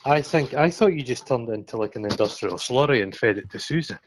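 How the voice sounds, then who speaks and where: A man's voice: medium pitch, quick pace. Breathless scottish man rambling on the phone. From Scotland. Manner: rambling, excitable, swearing freely. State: ill, out of breath. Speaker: podcast co-host. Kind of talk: casual chat on a phone call.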